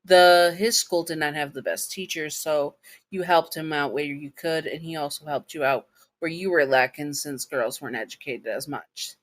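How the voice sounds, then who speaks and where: Halting woman reading a fan story. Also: low voice. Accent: Southern US. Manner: halting, with restarts and fillers. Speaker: fan fiction narrator. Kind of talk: second-person story reading.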